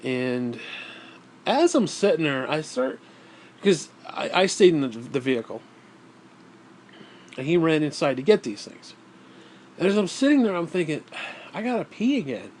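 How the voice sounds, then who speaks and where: A man's voice: a little high, big pitch swings, a little slow, long pauses, darkish tone, a little hiss or hum. A man vlogging, telling a story in a casual, rambling way, swearing often and sounding exasperated.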